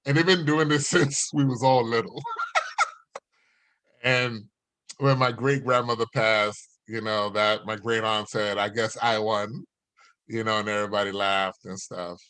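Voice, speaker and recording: Man, stand-up comic, bright open tone, loose rambling delivery, laughs at his own lines, video call. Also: fairly low pitch, steady tone, a little slow, dry recording. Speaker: stand-up comedian. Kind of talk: stand-up storytelling.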